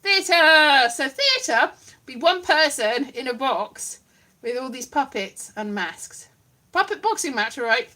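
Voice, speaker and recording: A woman with a high, sharp, bright voice talks from her home. She rambles through a comic monologue about puppets and masks, laughing easily and poking fun at herself. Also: expressive, a little slow. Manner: giggly, rambling, self-mocking. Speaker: comedian doing a solo online show.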